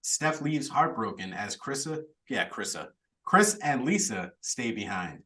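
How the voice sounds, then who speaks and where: Lively man recapping a film plot. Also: medium pitch, measured pace, distant mic, poor audio. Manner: chatty, laughs while telling the story. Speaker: podcast host recapping a film. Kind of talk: casual podcast plot recap.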